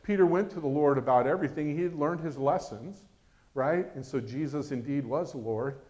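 A man preaching a sermon as pastor, animated and acting out quoted voices. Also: fairly high pitch, a little fast, dull audio.

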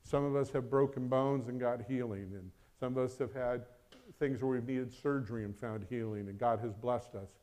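A middle-aged man preaching a sermon as pastor, swinging between loud, urgent questions and quiet, low asides. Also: normal speed.

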